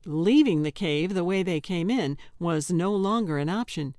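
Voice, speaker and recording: A woman narrating an audiobook in a measured, deliberate storytelling manner. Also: lowish voice, animated, darkish tone, no room sound, clean studio sound.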